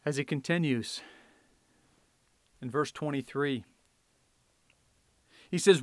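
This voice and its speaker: A man preaching a sermon, swinging from quiet explanation to loud, fiery scripture reading. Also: fairly high pitch, slow pace, pauses often, no room sound.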